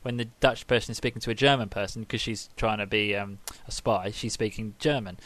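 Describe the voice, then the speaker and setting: A man's voice: lowish voice, steady tone, brisk, fairly bright tone. A man chatting earnestly about films on a podcast, often restarting his sentences. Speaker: podcast co-host. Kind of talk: casual film discussion.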